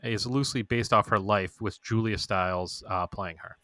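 A man's voice: on the low side, steady tone, moderate pace, sharp tone, dry recording. A young adult man co-hosting a podcast, recapping an episode in casual chat, teasing and with many filler words. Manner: teasing, many "uh" fillers when reading notes. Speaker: podcast co-host.

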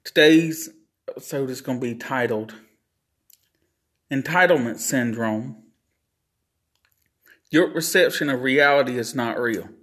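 Slow, slurred man hosting a podcast. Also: mid-range voice, a bit bright. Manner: slow, deliberate, earnest. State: slurred speech from facial palsy. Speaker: podcast host. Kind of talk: solo podcast monologue.

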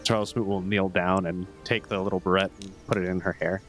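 Casting: low-pitched man player, halting and matter-of-fact, faint music behind. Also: flat delivery. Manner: halting, stating his actions. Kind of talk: in-character tabletop play.

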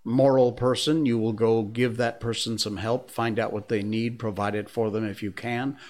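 A man's voice: lowish voice, flat delivery, moderate pace, darkish tone. A middle-aged man hosting his own show, talking casually and joking with viewers in a rambling monologue. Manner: chatty, joking, rambling asides. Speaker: show host.

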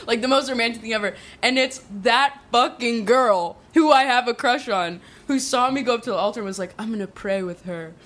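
A woman's voice: on the high side, brisk, few pauses. A woman telling a funny personal story to a small group, laughing often and saying "like" a lot. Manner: giggly, peppered with "like", lively asides. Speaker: guest storyteller.

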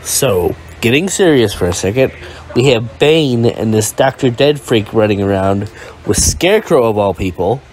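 A man's voice: fairly low pitch, expressive, normal speed, a little mellow, slight background noise, lightly acted, rough recording. A man voicing a laid-back young male hero who talks in a casual, slangy way, in an audio fan fiction reading.

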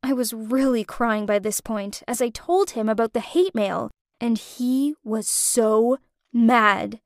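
A woman's voice: fairly high pitch, slow pace, no echo, studio quality. A woman narrating a dramatic first-person story with an emotional delivery.

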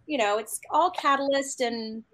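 A woman with a high voice tells a casual story on a panel. She acts out the lines she quotes as she goes. A soft hiss runs underneath. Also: normal speed. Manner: anecdotal, acts out quoted dialogue. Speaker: actor and panel guest.

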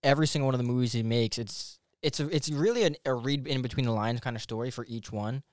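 A man's voice: mid-range voice, quick pace, no room sound, studio quality. A young man co-hosting a casual movie review chat, rambling and hesitant as he gathers his thoughts. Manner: rambling, hesitant, many fillers. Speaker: podcast co-host.

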